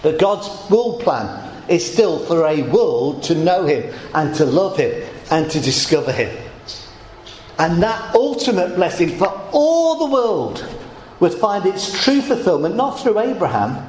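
A middle-aged pastor preaching a sermon, emphatic and rhetorical, slowing words down for effect, in a church hall. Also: male voice, a little high, a little mellow, a little hiss or hum.

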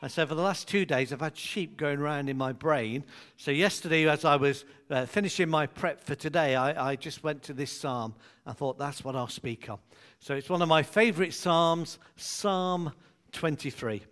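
A man from England preaching a sermon, telling a story and reading scripture aloud slowly. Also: on the high side, a bit bright.

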